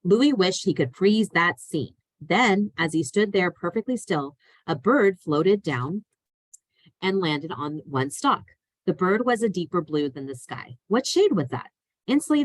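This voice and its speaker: Low-voiced woman reading a children's novel. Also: dry recording, rough recording. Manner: plain, steady reading with small slips. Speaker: reader.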